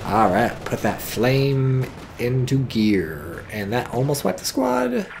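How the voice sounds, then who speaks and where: A man casting a strategy game replay in casual commentary, excitable, swearing freely and exclaiming often. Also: medium pitch, slow, vocal fry, background noise.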